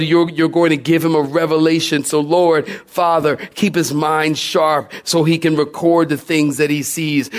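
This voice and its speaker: Preacher guy, high voice, animated and jokey, asks the crowd stuff a lot. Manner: animated, humorous storytelling with questions to the congregation. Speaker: pastor. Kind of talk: sermon. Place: church before a congregation.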